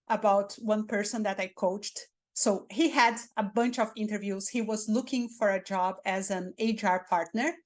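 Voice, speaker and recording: A woman with a Spanish accent coaches people for job interviews, her voice sitting a little high. She talks in an animated way, acting out flat and lively delivery to make her point. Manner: animated, demonstrates dull and excited delivery. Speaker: career mentor.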